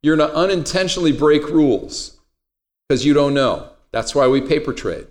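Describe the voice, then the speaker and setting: A man's voice: a little high, animated, moderate pace, a little mellow. A middle-aged man teaching a trading class in a conversational, digressive way, wandering into personal stories. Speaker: trading instructor. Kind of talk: classroom lecture.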